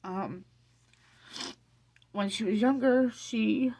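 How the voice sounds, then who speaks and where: A middle-aged woman telling a personal family story to camera in a casual, emotional way, halting and tearful. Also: a little high, darkish tone. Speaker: vlogger sharing family news.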